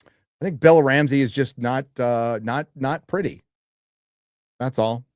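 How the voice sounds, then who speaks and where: A man's voice: mid-range voice, a little slow, a little mellow, dry recording, studio quality. Offhand man reading live chat. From United States. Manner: offhand, crude, reads chat messages aloud with frequent fillers. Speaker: livestream host reading donations. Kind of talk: casual live-stream chat.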